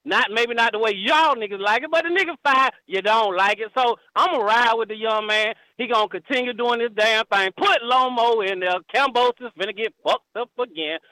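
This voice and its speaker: A man calling in to a boxing show, talking in profane, slangy, animated casual chat. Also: very high voice, moderate pace, few pauses, dry recording, poor audio. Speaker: caller.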